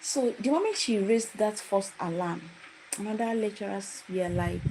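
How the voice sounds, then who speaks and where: A young woman tells a personal story on a casual livestream. She talks emphatically and repeats her phrases for emphasis. Her voice sits in a middling register and comes through loud background noise with scattered clicks. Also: mid-range voice, normal speed. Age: young adult.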